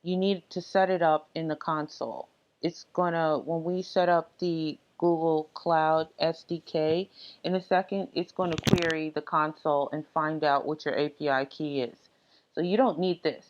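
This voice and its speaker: Low-voiced woman walking through a tutorial. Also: moderate pace, muffled recording. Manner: relaxed, many ums and uhs, talks through steps. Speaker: tech tutorial presenter. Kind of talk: casual screen-recorded tutorial narration.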